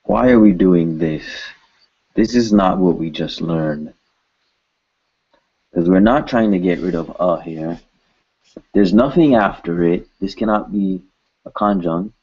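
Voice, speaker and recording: A man's voice: low-pitched, a little slow, pauses often, husky, muffled recording. A man teaching pronunciation, patiently repeating each word several times. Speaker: language teacher. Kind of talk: pronunciation lesson.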